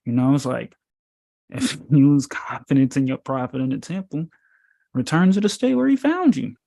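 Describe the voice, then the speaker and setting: A man's voice: mid-range voice, expressive, moderate pace, vocal fry, mellow. A man co-hosting a casual podcast chat in an easygoing, joking way. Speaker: co-host.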